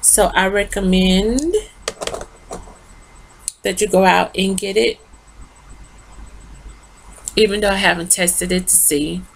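A woman's voice: fairly low pitch, creaky, a little hiss or hum. A tired woman rambling through a casual lipstick review into her phone, talking straight to her viewers. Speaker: beauty vlogger.

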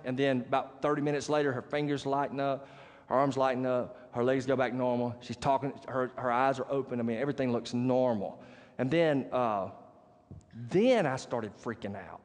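A man preaching a sermon as pastor, telling a personal story and often checking in with the congregation. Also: medium pitch. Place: church sanctuary. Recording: long church hall reverb.

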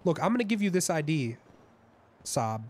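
A man's voice: a little high, very animated, moderate pace. A man roleplaying a crook in a game, talking in a profane, rambling, conspiratorial way. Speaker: roleplay streamer playing a crook.

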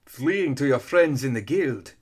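A man voicing a furious fiery female angel warrior, booming and commanding with slow, drawn-out words. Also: lively intonation, lightly acted. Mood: menacing. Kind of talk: audiobook character voice.

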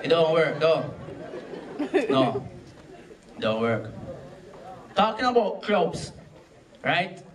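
A man's voice: on the high side, big pitch swings, slow pace, long pauses. A man with a Jamaican accent performing a stand-up comedy set, punchy and bantering with the audience. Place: comedy club stage. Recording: amateur live recording from far off, crowd noise.

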